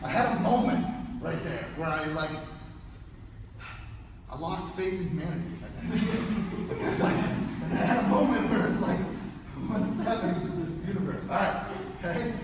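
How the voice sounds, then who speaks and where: Young male martial arts instructor, high voice, energetic, shouting counts and cracking jokes, recorded far off. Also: unhurried, pauses often. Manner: energetic, barking counts and kiai shouts, joking asides. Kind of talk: coaching a martial arts class. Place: large indoor training hall. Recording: echoey hall, mic far off, noisy.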